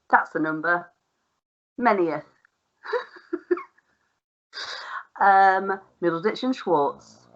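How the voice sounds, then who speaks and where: A woman's voice: mid-range voice, bright, forceful tone, dull audio. A woman co-hosting a podcast in casual, rambling chat, swearing freely and laughing often. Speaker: podcast co-host.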